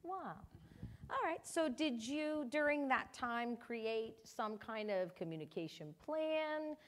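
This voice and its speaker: A woman hosting an interview, engaged and quick to laugh. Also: fairly high pitch, lively intonation. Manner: engaged, laughs often, many short affirmations. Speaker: host.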